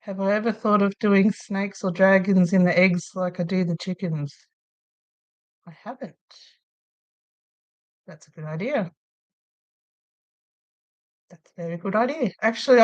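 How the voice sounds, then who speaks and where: An Australian woman hosting a crochet livestream from a room at home, chatting casually and rambling, with frequent laughs. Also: medium pitch. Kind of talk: casual chat while crocheting.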